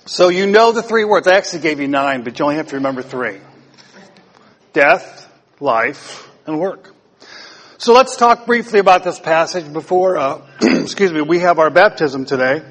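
Playful pastor in echoing hall. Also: male voice, a little high, expressive, a little fast, few pauses, a bit bright. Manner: playful, quizzes the congregation. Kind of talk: interactive sermon. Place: church.

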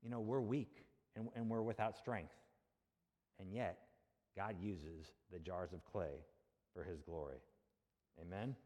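A man's voice: sits low, measured pace, pauses often, darkish tone. A male pastor preaching a sermon in a conversational way, asking rhetorical questions and checking in with the congregation. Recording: long hall reverb.

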